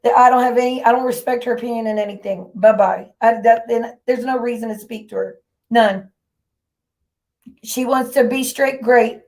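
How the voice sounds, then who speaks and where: A woman's voice: on the high side, fairly even intonation, normal speed, darkish tone. A woman hosting a livestream, ranting in a heated, profane and confrontational way at people in her chat. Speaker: livestream host. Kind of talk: angry livestream rant.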